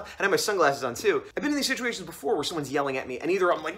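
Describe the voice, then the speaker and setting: A man talking to camera on his vlog, rambling quickly from one thought to the next. His voice sits a little high and swings widely in pitch, and he acts out the other people in his stories. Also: animated, a bit bright. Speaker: comic artist vlogger. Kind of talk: casual storytelling vlog.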